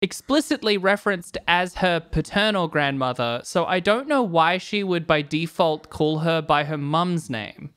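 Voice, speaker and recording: A woman's voice: fairly low pitch, expressive, a little slow, hardly any pauses, fairly bright tone. A woman co-hosting a casual film chat podcast, wry and sarcastic, acting out quotes as she goes. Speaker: podcast co-host.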